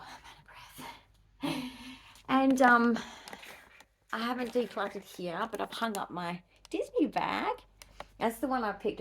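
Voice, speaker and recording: A woman's voice: mid-range voice, fairly bright tone, slight background noise, poor audio. An Australian woman chatting casually to her camera as she walks around her home, rambling with fillers and asides. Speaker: vlogger. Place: at home, walking between rooms.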